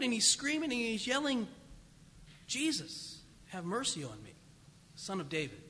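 Animated high-voiced man preaching in a hall. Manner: conversational, animated storytelling. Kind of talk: sermon.

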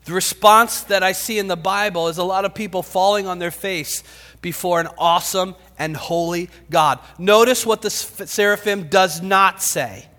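A high-pitched man delivers a sermon, swinging dramatically between shouts and hushed whispers. His voice rings with a long reverb in a large church hall. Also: moderate pace. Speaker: pastor.

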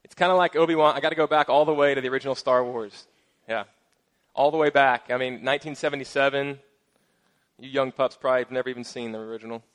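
With a mid-range voice and a quick pace, a middle-aged man preaches as pastor. The tone is casual and fun, marked by joking asides and animated emphasis.

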